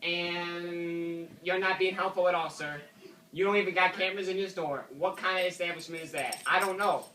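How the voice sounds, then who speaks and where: A man's voice: high-pitched, fairly even intonation, moderate pace, pushed and bright. A man on a prank call, playing a fussy, indignant father who rambles and keeps calling the manager sir. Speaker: prank caller. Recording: distant mic with faint noise.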